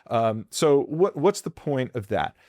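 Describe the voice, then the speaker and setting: A man speaking bluntly and with energy in a podcast interview, swearing freely and acting out quoted voices. His voice sits at a middle pitch. It is recorded dry and close on a studio mic. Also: unhurried, no echo. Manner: blunt, profane, animated, acts out quoted voices. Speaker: employment lawyer guest. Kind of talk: candid advice in a podcast interview.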